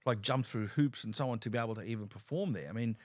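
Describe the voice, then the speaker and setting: Animated male comedian, casual chat. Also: mid-range voice, fast talker. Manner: animated storyteller, repeats and restarts while gesturing with his voice. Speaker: comedian and show host. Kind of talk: casual conversation.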